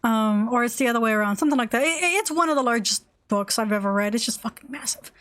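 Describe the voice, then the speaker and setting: A woman's voice: on the high side, quick pace, a bit bright. A young woman streamer talks casually while she plays, rambling and gushing, with plenty of fillers and restarts. Her voice sits a little above average. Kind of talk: casual chat while gaming.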